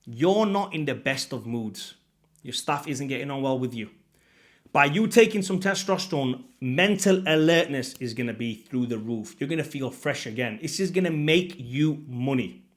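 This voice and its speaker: A man's voice: mid-range voice, animated, normal speed. A man in his thirties talking straight to his viewers as a fitness coach, emphatic and pushy, repeating his points. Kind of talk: direct-to-camera motivational talk.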